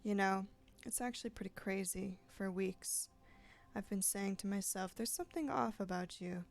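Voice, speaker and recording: A woman voicing a creepy, grinning female cop with a creaky voice, over game music. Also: medium pitch, normal speed, lightly acted. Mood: menacing.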